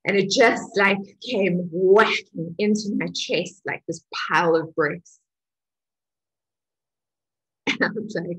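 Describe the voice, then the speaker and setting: A middle-aged woman who teaches a healing course, telling a personal story in an emotional, animated way with laughter. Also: fairly low pitch, slow pace, long pauses, husky, poor audio.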